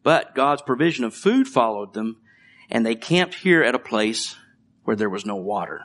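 A man's voice: medium pitch, big pitch swings, normal speed, fairly bright tone. A middle-aged man preaching a conversational sermon, reading scripture and joking about his children. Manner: conversational, with light jokes and laughs. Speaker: pastor.

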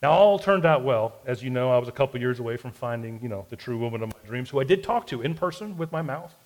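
A man's voice: medium pitch, expressive, quick pace, a little mellow, poor audio. A man in his forties telling a self-deprecating personal story in a sermon-style podcast, with a Southern US accent. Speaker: pastor.

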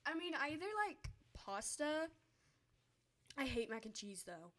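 A woman's voice: sits high, big pitch swings, measured pace, fairly bright tone. A teenage girl with a Southern US accent, leading a casual group chat and giggling often. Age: teen. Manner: giggly, chatty, Southern turns of phrase.

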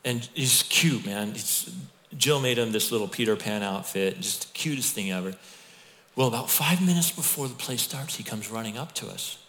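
A middle-aged man preaching a sermon as pastor, telling stories in a conversational, animated way with asides to the congregation. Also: mid-range voice, moderate pace. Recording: long hall reverb.

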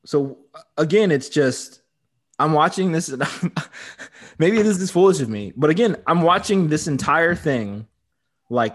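A man's voice: fairly high pitch, sing-song, normal speed. A man co-hosting a podcast, recapping an episode in casual chat and laughing often. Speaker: podcast co-host.

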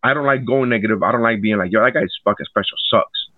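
A man's voice: on the low side, quick pace, no room sound. A man, a comedian co-hosting a casual podcast, telling stories with lots of swearing and acting out what others said. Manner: animated storytelling, acts out quotes, swears often. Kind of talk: casual chat. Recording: tinny phone-like dry sound.

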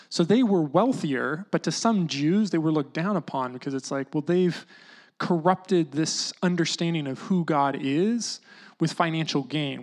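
A preacher giving a relaxed, conversational sermon at a middle pitch. The delivery is animated and chatty, with plenty of "like" and "you know". The voice sometimes drops low and hushed. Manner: casual, animated teaching with lots of "like" and "you know"; often drops into a hushed voice to act out quotes.

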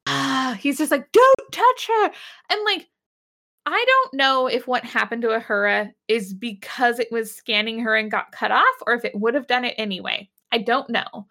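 Young woman host, laughing and swearing, bright voice, a bit high. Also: normal speed, gravelly, hardly any pauses. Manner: giggly, swearing, animated retelling. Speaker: podcast co-host. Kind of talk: casual episode recap.

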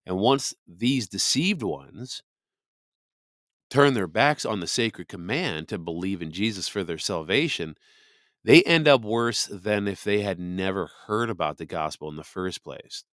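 A podcast host walks through scripture in a loose, conversational commentary, leaning on "you know" as he goes. His voice sits on the low side for a man and sounds dry and close, with no room around it. He hits his points with a preacher's emphasis. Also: expressive, measured pace, fairly bright tone, no echo. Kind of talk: casual Bible commentary.

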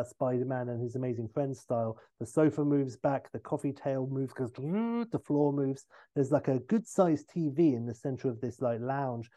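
In a mellow voice, a male podcast host rambles through a comic film pitch, full of fillers and self-corrections.

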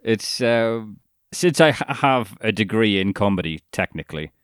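A man's voice: on the low side, animated, normal speed, clear, resonant tone, no echo. A man co-hosting a podcast in casual chat, dry and sarcastic, swearing casually. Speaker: podcast co-host.

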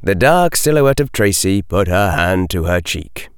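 A man narrating an audiobook in an expressive, dramatic storytelling manner. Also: low-pitched, a little slow, clean tone, dry recording, clean studio sound.

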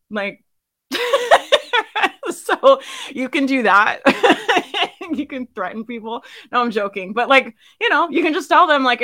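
A woman in her thirties coaching a live online group, chatty and quick to laugh, tired and losing her voice. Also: sits high, lively intonation, bright, forceful tone. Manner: chatty, laughs often, many fillers. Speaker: business coach hosting a live session. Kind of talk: casual live-stream coaching.

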